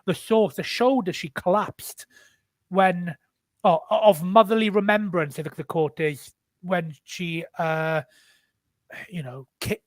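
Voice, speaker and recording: A man's voice: sits high, measured pace, no echo. A man with a Welsh accent, the guest author in a casual online chat, talking candidly with many restarts.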